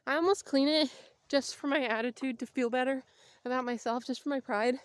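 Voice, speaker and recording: A woman's voice: high voice, steady tone, brisk, dry recording. A young woman vlogging casually while out walking, chatty and rambling, and out of breath. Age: young adult. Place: outdoors on a walk.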